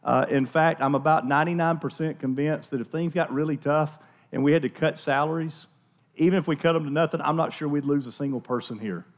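A man's voice: a little high, steady tone, fairly quick. A man preaching a sermon as pastor in a church, chatty and conversational, often restarting and repeating words.

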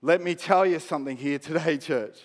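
A male pastor preaching a sermon in a conversational way, with soft asides that build to emphatic declarations. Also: fairly high pitch, normal speed. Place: church hall. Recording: long hall reverb.

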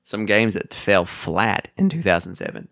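A man's voice: fairly low pitch, big pitch swings, normal speed, gravelly, fairly bright tone, no room sound. Joking man on a dry mic. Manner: joking, playful banter. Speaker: podcast co-host. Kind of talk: casual chat about board games.

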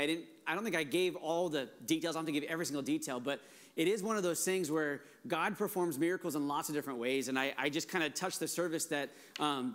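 Brief: male pastor, 40s, higher voice, enthusiastic conversational sermon. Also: a bit bright. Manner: enthusiastic, conversational, with frequent restarts and fillers.

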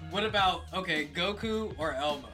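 A man's voice: sits high, normal speed. Joking guy arguing on a podcast, music going in the background. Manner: joking, argumentative. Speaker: podcast co-host. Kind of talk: casual banter.

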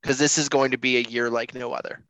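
A man's voice: mid-range voice, little pitch movement, quick pace, fairly bright tone, dry recording, rough recording. A man co-hosting a sports podcast, emphatic and agreeable in banter. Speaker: podcast co-host. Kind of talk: casual sports chat.

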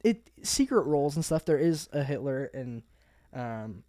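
Male podcast co-host, relaxed casual banter, frequent laughter, dry booth sound. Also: mid-range voice, unhurried, no room sound. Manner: easygoing, laughs often, trailing filler words. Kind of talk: casual chat.

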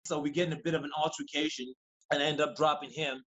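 A man on a podcast tells a story at a rapid clip. His voice sits a little high, and his delivery is animated and profane. He acts out the lines people said along the way. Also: dull audio. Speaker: podcast guest. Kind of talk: casual storytelling.

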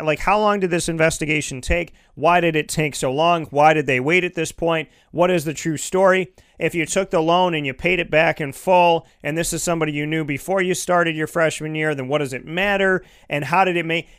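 A smooth, clear male voice sits fairly high for a man as he hosts a sports talk show from his studio microphone. He argues in an animated, rambling way, full of restarts and "you know"s. The sound is dry and close. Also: no room sound. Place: home studio.

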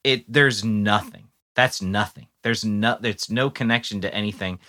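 A man's voice: on the low side, moderate pace. A man co-hosting a podcast, chatting casually and sarcastically, with lots of fillers. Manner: animated, sarcastic, frequent fillers. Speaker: podcast co-host. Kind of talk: casual chat.

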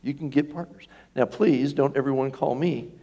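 A man preaching a sermon to his congregation in a relaxed, conversational way, often checking in with questions. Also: medium pitch, normal speed. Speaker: pastor. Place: church sanctuary.

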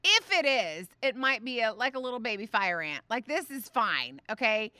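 A woman, hosting a faith podcast and telling a family story in a chatty, animated way full of fillers. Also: on the high side, normal speed, clear, resonant tone, no echo. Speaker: podcast host.

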